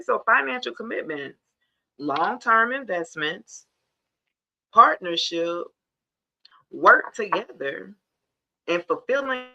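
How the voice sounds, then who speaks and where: Gravelly chatty woman doing live tarot. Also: medium pitch, pushed and bright, dull audio. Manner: chatty, addresses viewers as y'all. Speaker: tarot reader hosting a live stream. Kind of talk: casual live tarot reading.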